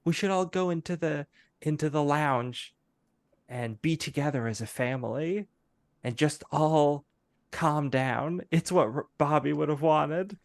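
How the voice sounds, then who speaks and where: Picture a distraught old soap-opera matriarch, her voice lifted high and trembling with drama, as a man puts her on. She pleads with her family in a tabletop game, slow and gravelly underneath, in a dry room. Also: dry recording. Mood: dramatic.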